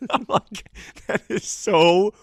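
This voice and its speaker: A man's voice: high-pitched, animated, very slow, no room sound. A man co-hosting a podcast in casual chat, rambling through stories and swearing a lot, recorded on a studio mic. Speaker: podcast co-host. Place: small studio.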